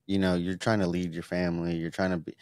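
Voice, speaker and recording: A man's voice: deep voice, little pitch movement, fast talker, a little mellow, dry recording, clean studio sound. A man co-hosting a podcast in casual chat, rambling and repeating words as he talks through his thoughts. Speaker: podcast co-host.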